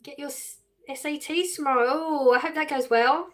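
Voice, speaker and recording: A woman's voice: high voice, normal speed. An English woman live streaming, reading viewers' questions aloud and answering them casually with frequent laughs. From England. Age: adult with children.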